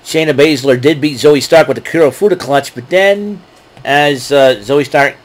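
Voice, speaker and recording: A man with a mid-range voice and moderate pace hosts a wrestling show recap. He talks alone and casually about the events, rambling with fillers and chuckling at his own jokes.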